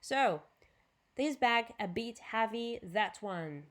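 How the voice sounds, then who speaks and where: A woman with a Ukrainian accent teaching an English lesson on video, drilling new words slowly and clearly and adding Russian explanations. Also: fairly high pitch, expressive, a bit bright.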